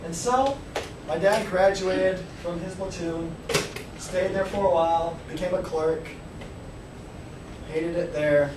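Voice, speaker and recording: Animated young man telling a story in an echoey room. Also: sits high, slow pace, long pauses. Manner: animated, conversational, pointing out people in photos. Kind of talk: casual spoken storytelling with pictures. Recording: echoey room, distant mic, noisy.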